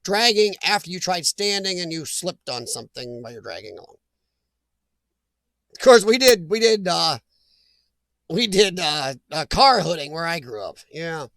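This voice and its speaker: A man's voice: fairly high pitch, big pitch swings, moderate pace, fairly bright tone, dry recording. A middle-aged man hosting a live chat stream, rambling and joking as he reacts to viewers' comments.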